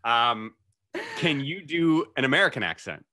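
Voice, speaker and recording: A man interviews an athlete in a light, teasing manner. His voice is bright and forward, and it rises and falls freely as he jokes. His pitch sits in the middle for a man. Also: sing-song, unhurried. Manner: playful, teasing. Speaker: sports network interviewer. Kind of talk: casual interview.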